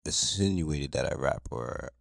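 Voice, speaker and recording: Very deep, gravelly male podcast guest. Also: unhurried, dry recording, clean studio sound. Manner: relaxed, playful, slangy. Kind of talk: casual podcast chat.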